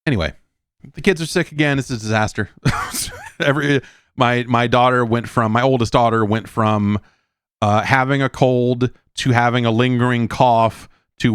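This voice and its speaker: A man's voice: mid-range voice, fairly even intonation, moderate pace, smooth, no room sound, studio quality. A middle-aged man hosting a podcast, rambling casually and breaking into profane rants. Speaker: podcast host. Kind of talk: casual monologue.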